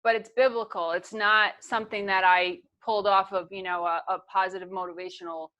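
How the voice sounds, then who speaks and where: Medium in pitch with a flat delivery and a sharp tone, a woman speaks a little fast. As a guest speaker and trainer on a video call, she teaches casually and earnestly, conversational and prone to restarting sentences and repeating herself.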